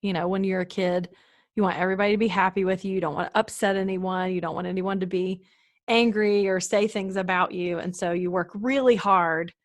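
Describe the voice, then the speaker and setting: A woman's voice: medium pitch, fairly even intonation, brisk, dry recording, studio quality. A young woman hosting a faith podcast, chatting casually with her mother and laughing easily. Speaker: podcast host. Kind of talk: casual interview.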